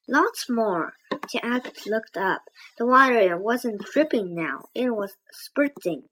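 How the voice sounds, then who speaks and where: Slow careful woman reader, children's chapter book, small stumbles. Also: on the high side, lively intonation, a bit bright, low-quality recording. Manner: slow careful reading with small slips and restarts. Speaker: narrator reading aloud.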